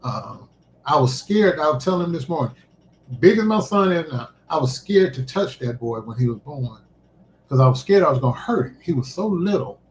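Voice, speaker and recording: A middle-aged man hosting a livestream, telling a personal story in a halting, emotional way. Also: a little high, animated, a little hiss or hum. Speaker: livestream host. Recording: roomy echo.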